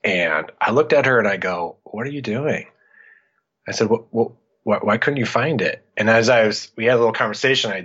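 A man's voice: low voice, breathy edge. A middle-aged man from Iowa, a podcast guest, telling a story in casual chat and acting out what he said back then. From Iowa, United States. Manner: animated, acts out his own past lines. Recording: dull lo-fi audio.

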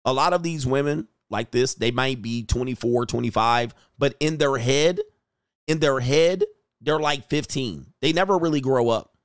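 A young man giving casual, crude reaction commentary, loud and animated, laughing often. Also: mid-range voice, moderate pace, clear, resonant tone, no echo, studio quality.

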